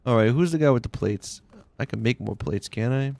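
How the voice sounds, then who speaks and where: Gravelly laid-back male game streamer. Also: medium pitch, brisk, a little mellow, no echo. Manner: laid-back, rambling, slangy with many "like"s. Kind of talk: casual live-stream chat while playing.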